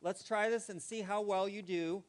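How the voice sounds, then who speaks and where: A man's voice: high voice, steady tone, normal speed. A man giving a playful, interactive talk to a live congregation, acting out vocal inflections and quizzing the audience. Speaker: guest speaker at a spiritual community gathering.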